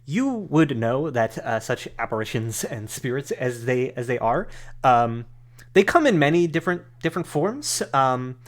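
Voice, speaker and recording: A man runs a tabletop game in a middle-pitched voice. He narrates loosely and casually, stopping often to restart his sentences. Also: sing-song, moderate pace. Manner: rambling narration full of fillers and restarts. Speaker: game master.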